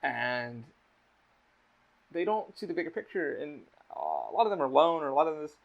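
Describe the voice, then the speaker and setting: A man's voice: fairly high pitch, animated, moderate pace, creaky. A man hosting a podcast in casual chat, talking candidly and rambling, swearing a lot. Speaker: podcast host. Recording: dull lo-fi audio.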